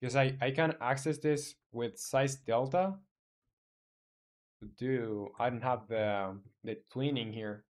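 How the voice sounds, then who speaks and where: A non-native English-speaking man live-streams himself coding a game, thinking aloud in halting, filler-heavy phrases and muttering search terms as he reads. His voice has a medium pitch.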